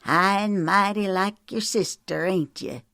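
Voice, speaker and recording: A woman voicing a sly, menacing male thief in an audiobook, speaking slowly with a sneer. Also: sits low, gravelly, no echo, studio quality, full character voice. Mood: snarling. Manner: slow, sneering delivery.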